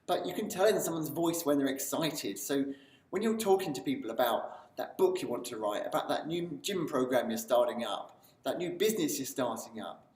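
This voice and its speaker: This clip from a motivational video series has a man addressing the camera at a moderate pace and medium pitch. He's enthusiastic, working up more excitement as he continues, and the audio sounds distant and roomy.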